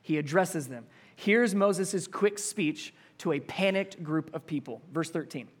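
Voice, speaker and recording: A man's voice: a little high, unhurried. A man preaching a sermon as pastor, emphatic and repeating his points for weight.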